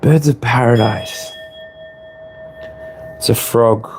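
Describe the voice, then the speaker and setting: A man's voice: medium pitch, fairly even intonation, slow, darkish tone, slight background noise. A man with an Australian accent giving a live collective tarot reading, rambling and playful, drifting into humming and laughter. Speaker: tarot reader.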